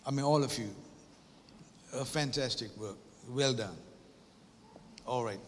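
A man's voice: mid-range voice, measured pace, a little hiss or hum. A man speaks to a church audience on a handheld mic, his voice in the middle range for a man. He is chatty and playful, then leans into emphatic, preacher-like declarations, often tossing in tag questions. The sound carries a long reverb from the church auditorium. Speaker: guest workshop speaker at a church. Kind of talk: conversational church workshop talk.

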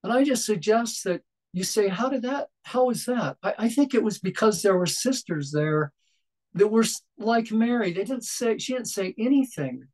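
A man preaching a sermon in a gentle, reflective way, pausing often and restarting his phrases. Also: sits high, animated, poor audio.

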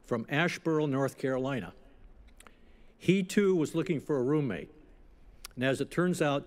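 An older man in his eighties delivering a commencement address, telling stories at a measured pace with gentle humor. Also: fairly high pitch. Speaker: commencement speaker. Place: outdoor ceremony stage.

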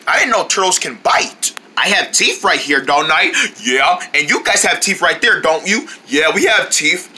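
A performer voicing a calm, deep-voiced buddy in a homemade toy adventure, talking slowly and steadily.

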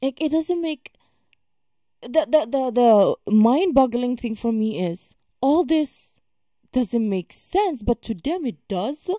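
A woman's voice: a little high, expressive, slow, mellow, dry recording, clean studio sound. A woman hosting a reaction video, talking casually and emphatically with many fillers and exasperated remarks.

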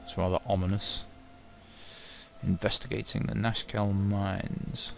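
Gravelly Yorkshire man chatting over a game. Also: on the low side, flat delivery, measured pace, soft background music. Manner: chatty, self-mocking, muttering to himself. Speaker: let's play host. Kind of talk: casual gameplay commentary.

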